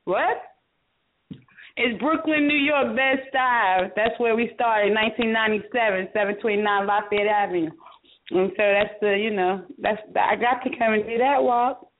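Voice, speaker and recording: A woman's voice: fairly high pitch, normal speed. A woman author on a radio interview, talking in an effusive, exclamatory way. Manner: effusive, exclamatory, laughs often. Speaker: guest author. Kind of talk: lively radio interview chat. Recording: phone-quality sound with faint hiss.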